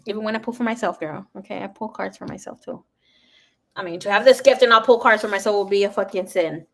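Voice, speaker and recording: A woman's voice: mid-range voice, fast. A young adult woman giving a live tarot reading, talking frankly and swearing freely. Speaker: tarot reader.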